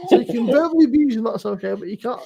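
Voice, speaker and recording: A woman's voice: on the high side, animated, rapid-fire, vocal fry, dark tone. A woman telling a blunt, swear-filled story in casual chat, laughing often. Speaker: guest on a beer live stream. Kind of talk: casual chat on a live stream.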